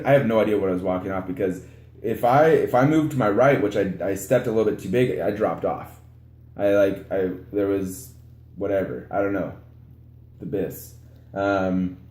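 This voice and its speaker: A young man telling a vlog story about a flooded road, animated and acting out his own panicked moments. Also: fairly low pitch, echoey room.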